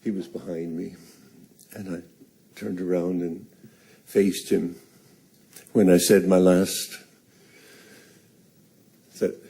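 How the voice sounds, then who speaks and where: An older man slowly telling a personal story on stage, halting and earnest. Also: sits low, little pitch movement, creaky, mellow, slightly rough.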